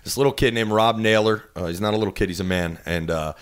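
Man, 30s, new jersey accent, low voice, animated storyteller, jumps into voices of others. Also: quick pace, clear, resonant tone. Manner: animated, acts out quotes with big pitch jumps. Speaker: interview guest. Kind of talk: storytelling in an interview.

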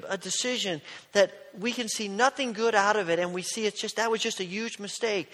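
A man preaching a sermon in a conversational, storytelling way, sometimes dropping his voice to a soft near-whisper. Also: high voice, big-room sound. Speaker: pastor.

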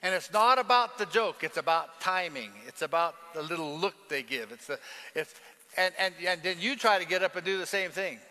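Male pastor, lively sermon style with call and response, ringing bright voice, long church reverb. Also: high voice, normal speed. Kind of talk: sermon with a told joke. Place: large church hall.

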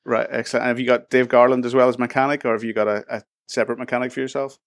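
A man's voice: mid-range voice, flat delivery, racing, dry recording. A man hosting a casual podcast interview in a chatty, friendly way and laughing easily. His voice sits in a mid range and is recorded close and dry, with no room sound. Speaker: podcast host.

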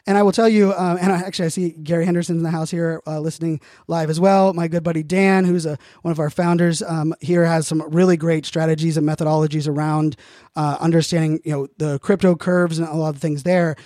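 A man hosts his podcast in a loose, rambling monologue, stumbling over restarts and leaning on fillers. His voice sits high but has a warm, mellow tone. The recording is dry and close, with no room sound. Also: flat delivery, fast, dry recording. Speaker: podcast host. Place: Phoenix, Arizona area.

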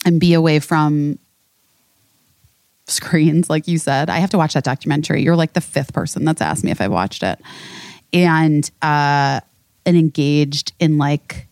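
Woman, 30s, podcast co-host; rambling, swears, slightly low voice, dry close sound. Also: a little slow, long pauses, darkish tone, dry recording. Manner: rambling, emotional, swears freely. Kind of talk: candid casual chat.

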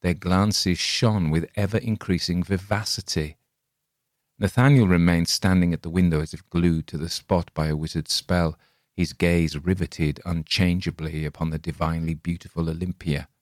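A man reading a classic tale aloud as scripted narration, measured and expressive. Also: deep voice, dry recording, studio quality. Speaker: audiobook reader.

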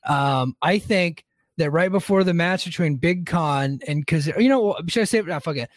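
A man hosting a casual wrestling recap podcast, relaxed, laughing often and swearing. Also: fairly high pitch, normal speed, no echo, studio quality. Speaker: podcast host recapping a show.

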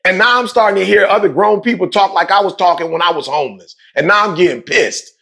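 Emphatic high-voiced man with gravelly edge. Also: fast. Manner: emphatic, repetitive, slangy, animated. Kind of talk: passionate conversational storytelling.

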